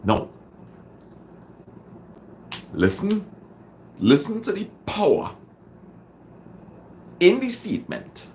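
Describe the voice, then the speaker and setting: A man's voice: high-pitched, wildly swooping pitch, extremely slow, long pauses, a little mellow, slight background noise. A man with a Trinidadian accent hosting a motivational livestream, greeting viewers and repeating phrases dramatically for emphasis. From Trinidad and Tobago. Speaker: livestream host.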